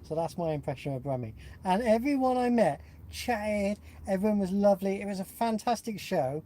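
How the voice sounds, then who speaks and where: A man's voice: high voice, expressive, moderate pace, mellow. A man from Nottingham co-hosting a live online chat, talking in a rambling, easygoing way and laughing often. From England (Nottingham). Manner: chatty, rambling, laughs easily. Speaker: co-host. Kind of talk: casual livestream chat.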